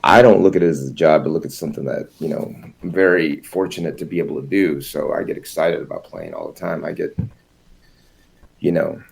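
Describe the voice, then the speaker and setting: A man who plays music, tired and yawning, talking in a relaxed, halting way in a casual interview. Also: rumbling low, gravelly, slightly rough. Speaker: guest musician.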